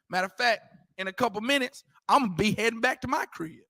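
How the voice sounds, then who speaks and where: A man's voice: extremely high pitch, quick pace, sharp tone, dry recording, studio quality. A man teaching a scripture class in an emphatic, repetitive way, using street slang and firing rhetorical questions. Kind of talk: preaching scripture commentary.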